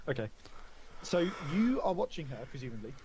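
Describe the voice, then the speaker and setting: A man's voice: a little high, noisy background. Laid-back man running a tabletop game. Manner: casual, hesitant, fillers, laughs often. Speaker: game master.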